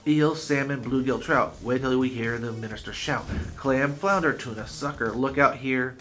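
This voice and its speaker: A man's voice: medium pitch, moderate pace, fairly bright tone, a little hiss or hum, natural voice. A man reading aloud, voicing an eager boy who coaxes his friend with chanted repetition. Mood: chanting. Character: boy eager to cook worm.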